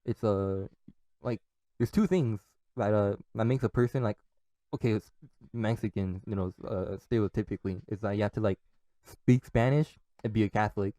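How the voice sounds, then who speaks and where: A young man with a lowish, mellow voice rambles through a solo podcast, swearing freely and breaking into laughs. The sound is dry and close, with no room around it. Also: moderate pace, dry recording. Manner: profane, laughs often, restarts and trails off. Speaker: podcast host. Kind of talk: casual rambling monologue.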